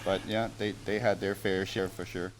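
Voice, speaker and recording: A man's voice: sits low, flat delivery, normal speed. A man who is a guest on a podcast, talking casually and hesitantly, often restarting. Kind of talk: casual chat.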